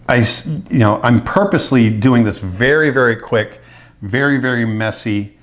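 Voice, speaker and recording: A middle-aged man, an animator, casually talking through his drawing as he sketches, thinking aloud. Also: medium pitch. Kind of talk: drawing tutorial narration.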